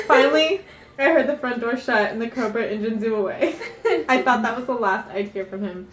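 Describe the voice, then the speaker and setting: A woman telling a comic story about her own life, animated and often laughing as she goes. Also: fairly high pitch, brisk, roomy sound.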